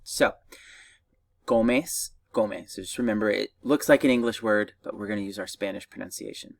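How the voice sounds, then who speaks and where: A man's voice: on the low side, normal speed, creaky, no room sound, recorded from a distance. A man teaching a recorded Spanish grammar lesson, patiently drilling verb conjugations for his students to repeat.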